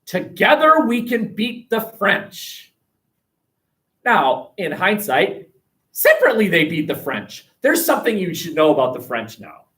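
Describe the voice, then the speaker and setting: A man teaching a history class, animated and joking, asking the room rhetorical questions, recorded on a classroom webcam. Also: high-pitched, unhurried. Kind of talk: classroom lecture.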